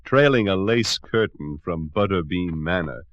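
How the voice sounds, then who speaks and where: A man reading a children's storybook aloud with expressive, dramatic narration. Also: low voice, unhurried, dull audio, music in the background.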